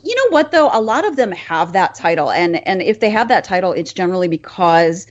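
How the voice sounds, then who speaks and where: A woman's voice: on the low side, sing-song, brisk, highs cut off. A woman who is a forensic psychologist, talking frankly and chattily on a talk show. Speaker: forensic psychologist guest expert. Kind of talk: casual radio-style chat.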